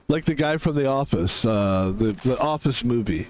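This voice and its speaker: A man's voice: medium pitch, moderate pace. A man chatting casually to his viewers while gaming on stream, rambling, mocking himself and swearing freely.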